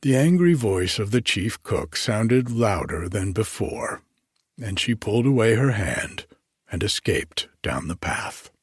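Slow, husky male storyteller. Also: fairly low pitch, no room sound. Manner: calm, measured fairy-tale telling. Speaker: narrator. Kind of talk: storybook reading. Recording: faint music under dry voice.

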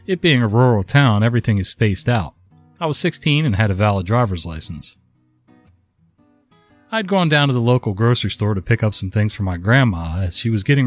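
A man in his fifties, worn out from a cold, casually narrating a story in a conversational way. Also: fairly low pitch. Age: 50s.

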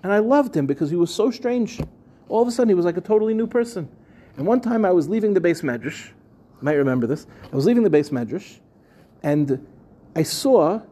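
Here a rabbi teaches a spirited Torah lesson before a live crowd, his male voice bright and high-pitched. He talks conversationally, poses questions to those present, and repeats himself for emphasis.

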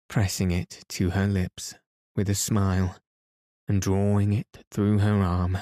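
A man reading a classic story aloud as a soothing bedtime narration, in a soft, even, unhurried manner. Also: low-pitched, no room sound, clean studio sound. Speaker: podcast host and reader.

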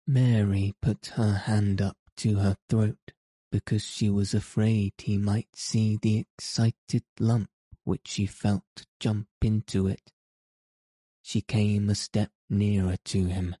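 A man narrating an audiobook in a measured, even storytelling manner. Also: low-pitched, dry recording. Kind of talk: scripted narration.

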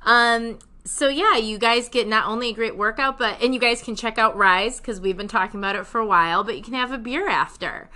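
A woman's voice: a little high, a little fast, hardly any pauses, pushed and bright. A woman co-hosting a podcast, chatting casually and upbeat with lots of fillers. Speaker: podcast co-host.

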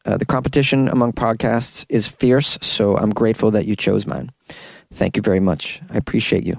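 A man's voice: lowish voice, moderate pace, gravelly, dry recording. A man hosting his own podcast, chatting loosely and rambling, often stumbling and laughing at himself. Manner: rambling, loose, self-mocking, breaks into sung impressions. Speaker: podcast host. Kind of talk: casual podcast outro chat. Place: small closet.

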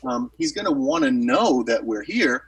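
A man's voice: medium pitch, animated, moderate pace, breathy edge, distant mic, low-quality recording. A man, a musician, telling a rambling story in casual chat with lots of fillers and restarts.

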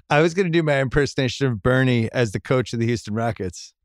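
A man's voice: mid-range voice, lively intonation, normal speed, long pauses, no echo, studio quality. A middle-aged man hosting a casual sports podcast, teasing and joking with his guest. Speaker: podcast host.

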